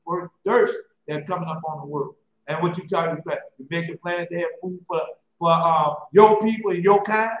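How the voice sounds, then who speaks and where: A man's voice: a little high, a bit bright, roomy sound, dull audio. A man preaching, reading scripture aloud and commenting on it in a loose, repetitive way.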